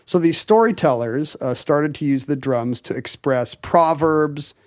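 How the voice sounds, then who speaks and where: A man's voice: on the high side, measured pace, dry recording, studio quality. A man co-hosting a podcast, explaining things in casual chat with lots of fillers and restarts. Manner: enthusiastic explainer, hedges with fillers. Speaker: podcast co-host.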